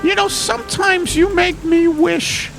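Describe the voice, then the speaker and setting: A man voicing a middle-aged wife who nags her husband in a high, whiny voice. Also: fairly even intonation, unhurried, gravelly, over music, exaggerated voice.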